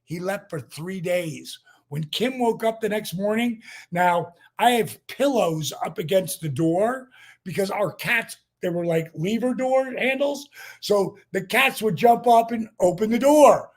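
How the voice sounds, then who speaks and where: A man in his sixties, a podcast guest telling a story in a lively, profane way with many fillers, acting out what people said. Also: sits high, measured pace. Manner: profane, acts out quotes, lots of fillers. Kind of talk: animated storytelling.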